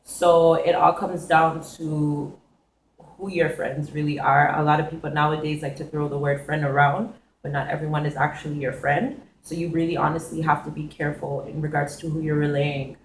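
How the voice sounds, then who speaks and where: A hoarse young woman chatting casually to camera, hosting her own advice segment with a chatty, giggly manner. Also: deep voice, level tone, normal speed, reverberant, a little hiss or hum, low-quality recording. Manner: chatty, giggly, talks straight to viewers.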